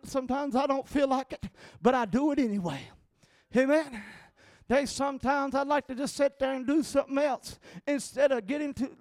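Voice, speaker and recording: A man with a Southern accent preaching a sermon as pastor, emphatic and calling for amens, his voice rising at times into shouts. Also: extremely high pitch, no room sound, studio quality.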